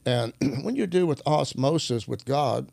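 A man who is a minister, telling stories in an animated, preaching style, often clearing his throat. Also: medium pitch, a little slow, dry recording, clean studio sound. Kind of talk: storytelling preaching conversation.

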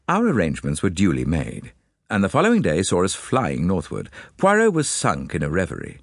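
A man narrating an audiobook in a measured storytelling manner. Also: sits low, wildly swooping pitch, no echo, studio quality. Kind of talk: scripted narration.

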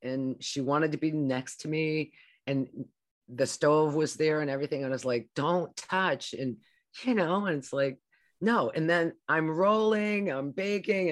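A woman's voice: low-pitched, fairly bright tone, no echo, clean studio sound. A woman co-hosting a podcast who tells anecdotes in casual chat and quotes what she said to her child. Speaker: podcast co-host.

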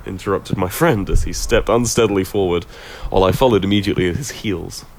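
Gravelly man reading a gothic tale. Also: low voice, slight background noise, rough recording. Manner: measured, expressive, occasional stumbles. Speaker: reader. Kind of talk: dramatic reading of a classic horror tale.

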